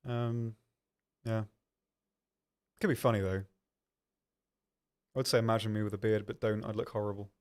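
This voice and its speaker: A young man with a somewhat low voice hosts a live stream in a loose, chatty way. He reads viewer questions aloud and answers them with plenty of ums and a self-deprecating streak. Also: flat delivery, moderate pace, pauses often. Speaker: stream host answering chat. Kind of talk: casual live-stream chat.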